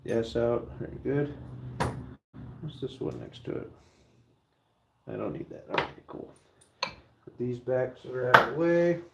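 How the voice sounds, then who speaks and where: A man's voice: mid-range voice, very animated, unhurried, creaky, long pauses, dull audio, very noisy. Middle-aged man, casual chat, joking, talks to his dog, stamping metal. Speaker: silver stacker stamping a bar. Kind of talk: casual talk to camera while working.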